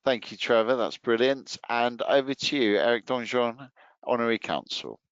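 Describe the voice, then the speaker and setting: A man's voice: medium pitch, expressive, moderate pace, fairly bright tone, clear, resonant tone, dry recording, lo-fi sound. A man hosting a webinar panel, upbeat as he hands over to each speaker. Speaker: webinar host.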